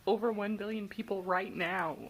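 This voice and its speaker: A woman and mother vlogging from home at night, chatting excitedly to her viewers and keeping her voice down so her kids sleep. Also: medium pitch, normal speed, a little hiss or hum, rough recording. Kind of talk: casual vlog chat to viewers.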